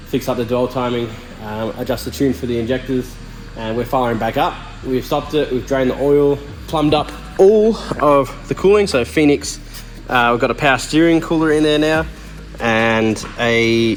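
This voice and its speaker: A man hosting a casual workshop car vlog, excited and joking as he rattles off parts in quick bursts. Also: mid-range voice. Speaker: car builder and channel host. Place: home garage workshop. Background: music.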